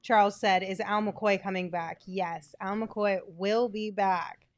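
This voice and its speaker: A woman's voice: mid-range voice, steady tone, takes it slowly, no echo. Upbeat woman co-host for a chatty sports podcast, dry close sound. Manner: upbeat, laughs often, reads sponsor spots smoothly. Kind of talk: casual sports podcast chat with ad reads.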